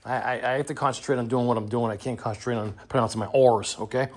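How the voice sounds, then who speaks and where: A man's voice: mid-range voice, steady tone, fast talker, few pauses, no echo, clean studio sound. A man with a Boston accent, casually walking viewers through a hands-on car job with chatty, joking asides. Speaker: DIY tutorial host. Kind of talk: casual how-to walkthrough.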